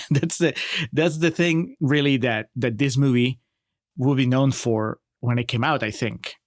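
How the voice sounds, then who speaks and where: A man's voice: medium pitch, a little slow, no room sound. A man with a mid-range voice co-hosting a casual film podcast. He talks in an easygoing, chuckling way and sets up the review quotes. The sound is close and dry, with no room. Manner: laughs often, easygoing, reads quotes aloud. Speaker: podcast co-host.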